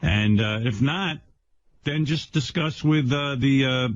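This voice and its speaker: A man's voice: medium pitch, slow. A man hosting a radio show, riffing in casual banter. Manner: animated, riffing on ideas. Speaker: radio host. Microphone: studio microphone. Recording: dull lo-fi radio broadcast.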